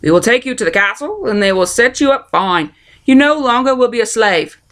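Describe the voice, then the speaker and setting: A woman voicing a dutiful king's soldier who speaks in a measured, formal, patient way. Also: fairly high pitch, animated, a bit bright.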